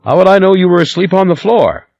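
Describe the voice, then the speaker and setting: A man's voice: high voice, animated, fast talker, creaky, darkish tone, dry recording, highs cut off, voice pushed up. A man reading an audiobook, voicing a worried, deferential male house servant who answers his boss in a rush. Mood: fretful.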